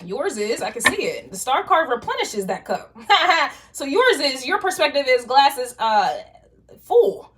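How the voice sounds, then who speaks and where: A woman's voice: high-pitched, very animated, moderate pace, hardly any pauses, sharp tone. A woman giving a casual tarot reading to viewers, talking in loose streetwise slang with frequent swearing and rambling restarts. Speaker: tarot reader.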